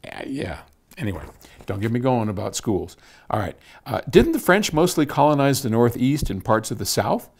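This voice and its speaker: Chatty American man, lively pitch. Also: normal speed. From United States. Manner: chatty, self-deprecating, laughs often, restarts. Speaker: company founder answering viewer questions. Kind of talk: casual video Q&A.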